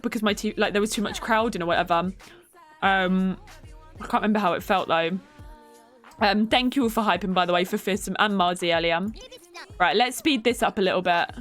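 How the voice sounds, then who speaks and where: Chatty woman streamer. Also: on the high side. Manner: chatty, thanks viewers by name, reacts aloud to the game. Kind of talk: casual live-stream chat while playing. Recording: faint music behind.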